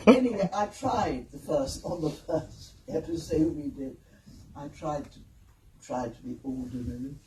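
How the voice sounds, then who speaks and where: A woman's voice: low-pitched, a little slow, crowd noise. An older woman with a London Kensington accent telling anecdotes on a convention panel, laughing often and acting out what people said. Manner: lively storyteller, laughs often, acts out quotes. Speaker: panel guest, actor. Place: convention hall. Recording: roomy hall, distant mic, noisy.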